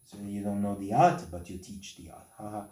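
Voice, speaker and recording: A man's voice: lowish voice, a little fast, mellow. A man teaching a piano masterclass, speaking English as a second language and singing rhythms to show what he means. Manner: sings and scats rhythms to demonstrate; non-native English phrasing. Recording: roomy, from a distance.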